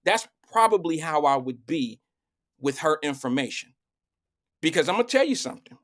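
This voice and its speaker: Man, middle-aged, live talk show host, animated, preachy, colloquial, somewhat high voice. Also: brisk.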